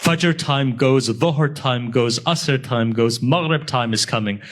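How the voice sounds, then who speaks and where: A man's voice: medium pitch, takes it slowly, hardly any pauses. A male preacher telling a mournful story in a sermon, swelling into emotional recitation.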